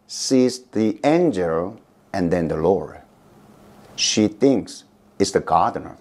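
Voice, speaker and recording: A middle-aged male pastor with a Korean accent, preaching a sermon in a slow, emphatic way. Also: expressive, a little mellow. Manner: slow, emphatic delivery with big pitch swings.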